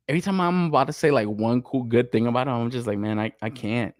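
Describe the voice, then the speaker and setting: A young man hosts a toy podcast, chatting loosely about toy news with plenty of swearing and frequent laughter. His mid-range voice is animated and brisk with few pauses, in clean studio quality with no echo.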